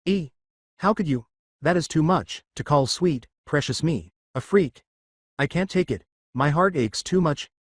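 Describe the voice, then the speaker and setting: A high-strung lizard whines and wails in a lifted, girly voice, as a man puts it on. The pitch swings widely through every plea. It sits dry and close, like a narrated fan story. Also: animated, unhurried, dry recording. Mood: wailing. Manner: whiny, wailing, high-strung. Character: dramatic male kabuki lizard acting girly.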